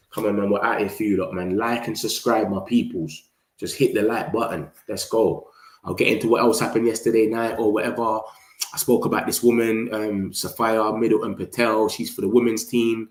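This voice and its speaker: A chatty man, talking to his viewers in the loose, slangy way of a fan vlog. His voice sits fairly low, and the room around him rings with plenty of echo. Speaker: football fan channel host. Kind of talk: casual fan vlog commentary.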